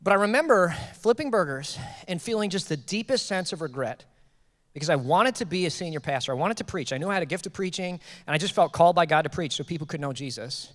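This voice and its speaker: A man in his thirties preaching a sermon as pastor, telling a personal story with jokes and lively quoted dialogue. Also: a little high, fast talker. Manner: animated, joking, quotes people in raised voices. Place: church auditorium. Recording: long hall reverb.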